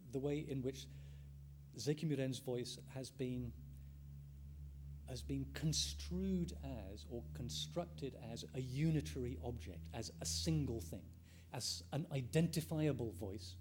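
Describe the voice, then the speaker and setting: A middle-aged ethnomusicologist gives a measured conference lecture, thinking aloud, restating phrases, and saying "um" often. His voice is mid-range and a little mellow.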